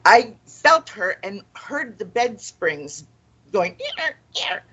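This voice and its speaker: Husky woman chatting about ghosts. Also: mid-range voice, big pitch swings, takes it slowly, a bit bright, highs cut off. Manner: enthusiastic, chatty. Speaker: paranormal investigator, show guest. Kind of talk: casual storytelling.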